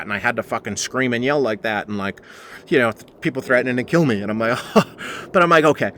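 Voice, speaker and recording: A man in his forties hosting a podcast, telling a story in a casual, profane, animated way and acting out the other people's voices. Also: medium pitch, fast talker, a little hiss or hum. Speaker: podcast host.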